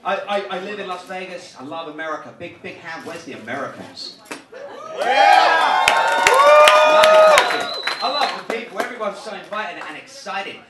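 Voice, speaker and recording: English comic, high-pitched, brash crowd work, roomy live mic from a distance. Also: male voice, huge pitch swings, very noisy. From England. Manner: brash, mocking, quick crowd banter. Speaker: stand-up comedian. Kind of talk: live stand-up comedy set. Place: comedy show room. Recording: echoey room from far off, crowd laughter.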